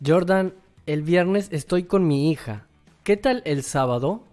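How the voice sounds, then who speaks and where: A man's voice: fairly high pitch, animated, moderate pace, darkish tone, soft background music, natural voice. An actor playing a cheerful young man eager to meet his friend, speaking in an upbeat scripted beginner dialogue. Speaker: actor in a story sketch.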